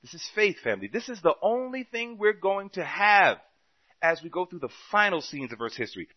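A man preaching a sermon, telling a story with quoted dialogue and swinging between loud and soft passages. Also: high voice, sing-song, fairly quick, lo-fi sound.

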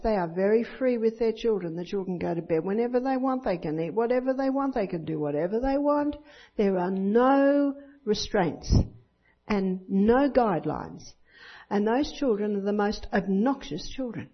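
An older woman giving a sermon, telling personal stories and acting out the voices of children. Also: medium pitch. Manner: storytelling, acts out voices of children and others. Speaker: Christian speaker. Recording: dull lo-fi recording.

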